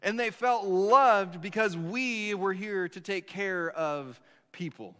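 A man delivers a sermon in a relaxed storytelling way, circling back and restarting his sentences. His voice sits high and sounds bright and forward. Long reverb from the sanctuary trails every phrase. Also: slow pace. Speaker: pastor.

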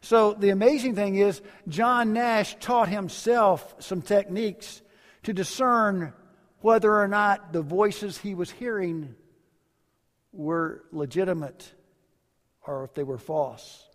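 A male pastor delivering a sermon, telling stories and dropping to quiet phrase endings. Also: sits high, takes it slowly. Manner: storytelling preacher, varies volume widely, drops to quiet endings. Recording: long hall reverb.

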